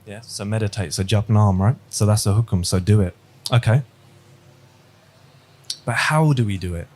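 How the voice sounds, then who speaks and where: Over a video call, a man teaches a religious class as an online lesson, chatting with his students, quizzing them, and telling stories along the way. His voice is on the low side and darkish in tone, at a moderate pace.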